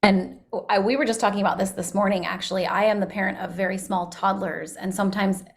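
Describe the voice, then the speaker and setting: A woman's voice: medium pitch, steady tone, fast, vocal fry. A woman working as a school social worker, talking casually on a video call in a chatty way with many "like" fillers. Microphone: video call microphone.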